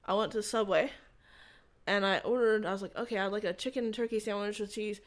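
A woman at an ordinary middle pitch tells an interviewer her own faith story. She rambles and halts, frequently restarting sentences, and the testimony feels relaxed and conversational.

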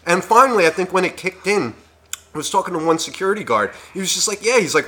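A young man rambles through a story on a casual podcast, swearing often and filling gaps with "like." His voice is bright and fairly high for a man. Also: expressive, fast talker. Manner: profane, rambling storytelling with many fillers. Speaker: podcast co-host. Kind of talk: casual chat.

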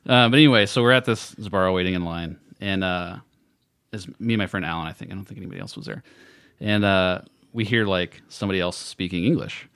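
An American man co-hosting a podcast, telling a rambling story with laughs, his voice trailing off quietly between bits. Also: deep voice, fast talker, no echo, studio quality. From United States. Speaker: podcast co-host. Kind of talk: casual storytelling chat.

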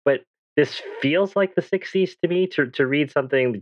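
A young man hosting a talk show, reading notes in a measured, dryly ironic way. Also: a little high, no room sound. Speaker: host. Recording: dull dry lo-fi sound.

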